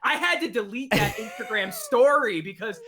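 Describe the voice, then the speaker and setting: Co-host man, bright and slightly high voice, relaxed casual movie talk. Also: moderate pace. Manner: relaxed, explains film terms plainly. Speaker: podcast co-host. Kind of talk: casual live movie commentary.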